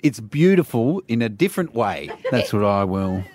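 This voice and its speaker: A man's voice: on the low side, big pitch swings, normal speed, a little mellow. A man, co-hosting a radio show with casual, self-mocking banter and frequent laughter. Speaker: radio co-host.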